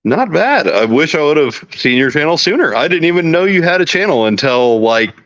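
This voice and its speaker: Casual Texas-raised man, bright pushy tone, lo-fi stream audio. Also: fairly high pitch, very animated, fairly quick, dry recording. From Texas, USA. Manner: laid-back, swears and laughs easily. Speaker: podcast guest. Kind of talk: casual chat on a livestream. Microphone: video call.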